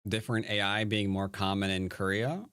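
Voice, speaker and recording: A man's voice: fairly low pitch, steady tone, moderate pace, fairly bright tone, clean tone, dry recording, studio quality. A man who plays and teaches Go, giving casual live-stream commentary while he plays, rambling and joking to himself and often trailing off into mutters. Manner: joking, wry asides. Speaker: Go player and teacher streaming a game.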